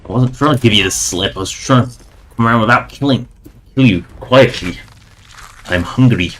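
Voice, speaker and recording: A man livestreaming a game, talking through it in a loose, rambling way. He drops wry remarks and small chuckles as he plays. His voice sits at an ordinary middle pitch. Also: moderate pace, a bit bright. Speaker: game streamer. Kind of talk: casual gameplay commentary.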